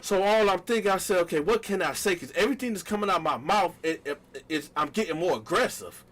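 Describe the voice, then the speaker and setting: Animated high bright-voiced man telling a story. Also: fast talker, a little hiss or hum. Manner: animated, talks straight to viewers, acts out quotes loudly. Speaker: storytelling vlogger. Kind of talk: casual storytime monologue.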